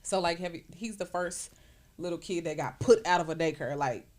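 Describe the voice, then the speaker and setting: A woman, a podcast guest in casual conversation, telling stories with lively acted-out quotes. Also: fairly low pitch, moderate pace. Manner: animated storyteller, acts out quotes.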